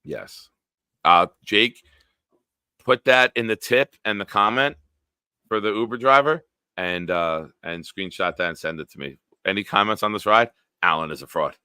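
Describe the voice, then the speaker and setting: A man's voice: on the low side, moderate pace, pushed and bright, smooth, no room sound. A young man hosting a sports podcast live stream, casually joking and reading out viewer comments. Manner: jokey, reads out viewer comments.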